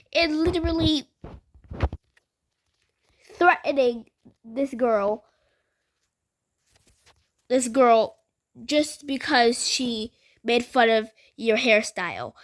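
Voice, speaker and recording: A woman voicing a stern male school principal who lectures a student. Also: sits high. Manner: scolding, lecturing.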